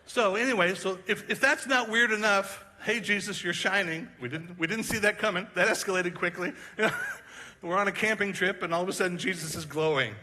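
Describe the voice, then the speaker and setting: A man preaching a sermon as pastor, animated and joking with the congregation, slowing down for emphasis. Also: a little high. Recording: hall reverb.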